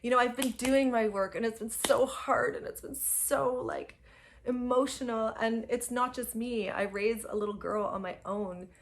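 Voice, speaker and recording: A young adult woman telling a personal spiritual story, emphatic and full of fillers and soft laughs. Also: on the high side, steady tone, normal speed. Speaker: spiritual guide.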